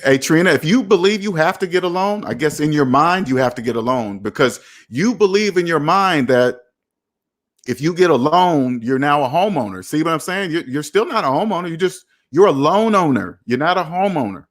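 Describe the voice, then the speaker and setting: Speaking at a normal speed in a fairly high pitch, a man hosts a personal finance livestream. He takes on viewer comments in a blunt, lively way, impersonating the people he quotes.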